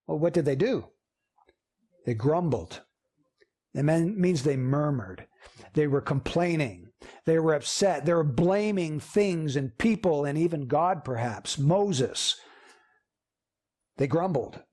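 Man, pastor, church sermon, fairly high voice, emphatic, repetitive phrasing. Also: lively intonation, takes it slowly, long pauses, a little mellow, husky. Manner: earnest, emphatic preaching with repeated phrases.

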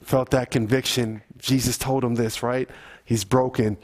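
A man's voice: mid-range voice, little pitch movement, unhurried, darkish tone. A man reading scripture aloud at home and stopping to explain it in an informal, emphatic way, with frequent restarts. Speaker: Bible study leader. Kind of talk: informal family Bible reading and commentary.

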